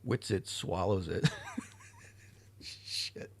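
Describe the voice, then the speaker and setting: Tired, low, gravelly-voiced man. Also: drawn-out words. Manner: rambling, tired, swears casually. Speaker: livestream host. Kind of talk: casual chat reading live chat.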